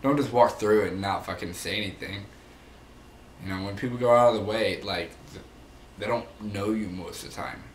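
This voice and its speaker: A man's voice: on the low side, normal speed, roomy sound, slight background noise. Heated young man ranting, profane. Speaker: vlogger; manager. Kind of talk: casual rant to camera.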